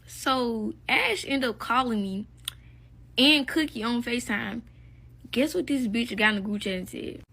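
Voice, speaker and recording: A woman's voice: a little high, a little slow, creaky, bright, forceful tone. A young woman telling a casual story-time in a blunt, profane, gossipy way.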